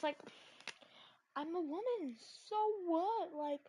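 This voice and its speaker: A woman's voice: very high-pitched, animated, a little slow, a bit bright, a little hiss or hum. A woman vlogger ranting casually and animatedly, packing her talk with "like" fillers and exasperated asides.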